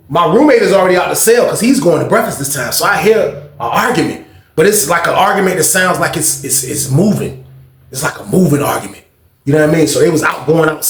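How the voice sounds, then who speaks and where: Casual male storyteller, high-pitched, slang-heavy and profane, in an echoey room. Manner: slangy, animated, profane, lots of fillers.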